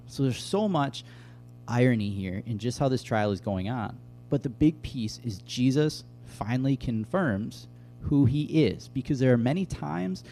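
Young male bible teacher, chatty storyteller, mellow voice, soft music bed. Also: mid-range voice. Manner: conversational, animated storytelling with asides.

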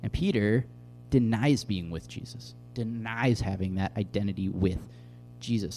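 A man preaching as a pastor, explaining scripture in a relaxed conversational way and telling everyday stories to make his point. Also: medium pitch, slight background noise. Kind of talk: sermon.

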